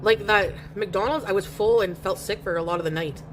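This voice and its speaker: A woman's voice: medium pitch, fairly quick, slight background noise. A woman live streaming from home, chatting casually and reading viewer comments aloud while she eats. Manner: chatty and rambling, eating while talking.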